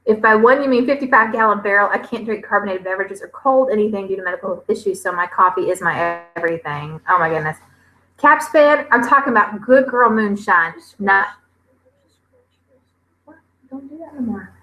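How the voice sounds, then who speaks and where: A woman, chatting casually on a livestream and reading viewers' comments aloud, with lots of fillers and pauses. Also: mid-range voice, sharp tone, poor audio. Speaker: homestead vlogger hosting a livestream.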